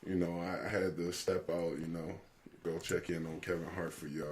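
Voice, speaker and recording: A man's voice: low voice, flat delivery, normal speed, darkish tone, slight background noise. A man hosting a podcast, casually retelling a comedy show in a loose, profane, laughing way. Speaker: podcast host. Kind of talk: casual storytelling chat.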